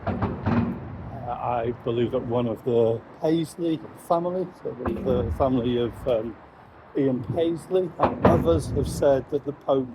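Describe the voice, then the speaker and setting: A man, a Christian commentator, giving measured, reflective commentary on current events. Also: mid-range voice, noisy background.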